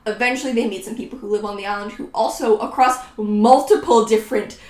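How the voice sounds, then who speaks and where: A woman's voice: fairly high pitch, fast talker, darkish tone. A woman in her twenties talking casually and with sarcastic self-mockery as she looks back on her own writing. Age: 20s. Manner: sarcastic, self-mocking, laughs at herself. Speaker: writing vlogger. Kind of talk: casual reaction vlog. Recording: roomy echo.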